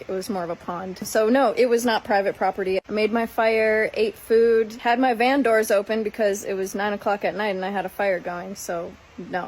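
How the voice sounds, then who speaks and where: A woman from Minnesota telling a story in her vlog in a calm, matter-of-fact way. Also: mid-range voice, a little hiss or hum, rough recording. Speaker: van lifer vlogger.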